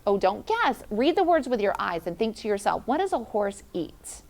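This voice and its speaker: A woman teacher leading a classroom phonics lesson, encouraging children and sounding out letters slowly. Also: medium pitch, sing-song, darkish tone, slight background noise.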